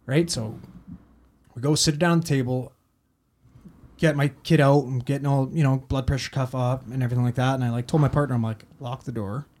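A man's voice: mid-range voice, steady tone, a little fast, a little mellow. A man, a paramedic telling a story in casual talk, rambling and swearing a lot. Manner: heavy swearing, rambling with fillers.

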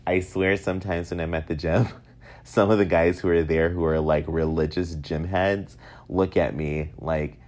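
A man in his thirties with a very low voice, hosting his own podcast. He talks casually and tells stories about himself in a lively, self-mocking way. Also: unhurried. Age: 30s. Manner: self-mocking, animated storytelling. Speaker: podcast host. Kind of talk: casual solo podcast monologue.

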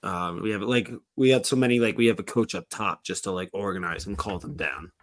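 A man's voice: sits low, brisk, a bit bright, dry recording. A man co-hosting a podcast, telling a long story in a casual, rambling way with lots of "like" and restarts. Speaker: podcast co-host.

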